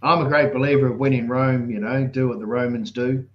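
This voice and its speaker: A man's voice: mid-range voice, fairly even intonation, a little fast. Laid-back man on a muffled line. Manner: laid-back, mostly short agreements. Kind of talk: casual chat.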